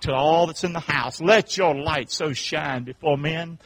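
A man pastor preaching a sermon, calling out to his congregation and swinging from quiet asides to shouts. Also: fairly high pitch, unhurried, hardly any pauses. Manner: call-and-response preaching, swings from hushed to shouting. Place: church sanctuary.

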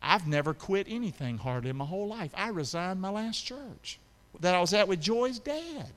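A middle-aged man preaching a sermon as pastor, calling out questions to his congregation and rising to shouts. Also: high-pitched, animated, moderate pace. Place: church sanctuary. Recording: long hall reverb.

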